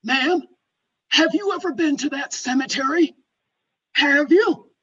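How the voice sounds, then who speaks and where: A woman voicing a blunt gentleman who asks pointed questions on the phone. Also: sits high, unhurried, recorded from a distance, dull audio, pitched above the performer's own voice. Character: blunt gentleman asking about a cemetery.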